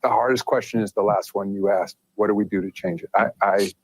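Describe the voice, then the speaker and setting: A league commissioner answering an interview question in a careful, measured way, hedging with fillers. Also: male voice, fairly low pitch, fairly even intonation, slight background noise.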